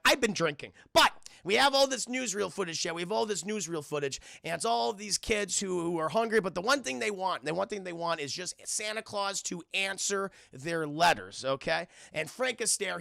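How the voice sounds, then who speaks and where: A man's voice: high-pitched, creaky, sharp tone, no echo, clean studio sound. A man giving a rambling, profane, casual livestream film review, constantly addressing his chat.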